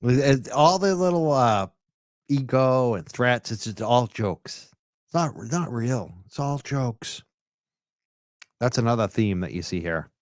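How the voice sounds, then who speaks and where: A man's voice: medium pitch, expressive, unhurried, no room sound, studio quality. A man giving mocking, sarcastic commentary. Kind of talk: commentary narration.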